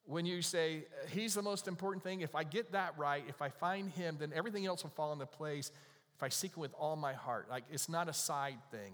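Male pastor, slightly high voice, chatty sermon delivery, long hall reverb. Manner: conversational preaching, rising to emphatic bursts then dropping soft.

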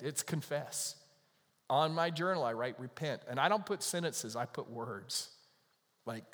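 A man preaching a sermon in a conversational way, with emphatic bursts that drop to soft, quiet lines. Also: medium pitch. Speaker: pastor. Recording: long hall reverb.

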